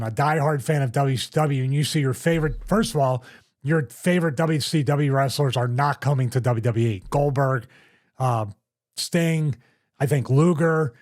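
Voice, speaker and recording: A man hosting a casual podcast, measured and reflective, thinking his points through aloud at a studio microphone. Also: mid-range voice, a little mellow. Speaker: podcast host.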